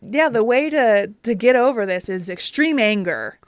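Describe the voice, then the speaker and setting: A woman's voice: on the high side, animated, moderate pace, no echo, clean studio sound. Chatty woman who laughs easily. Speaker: podcast co-host. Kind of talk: casual episode recap chat.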